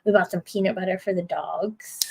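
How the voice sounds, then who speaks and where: A woman co-hosting a casual livestream podcast, chatting in a relaxed way with short agreeing replies. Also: fairly low pitch, fairly quick, gravelly, husky. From Texas. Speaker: podcast co-host.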